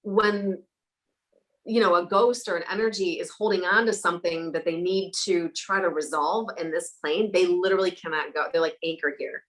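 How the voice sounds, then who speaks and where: This woman, a psychic medium, has a lowish voice and a moderate pace. In a relaxed interview she spins animated stories, laughing often and performing the voices of her characters, though the audio is poor.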